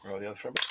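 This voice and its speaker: A man's voice: on the low side, heavy background noise. A British man co-hosting a live tabletop dice game, joking with his opponent and counting dice aloud. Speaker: game show co-host. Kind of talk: casual live game commentary.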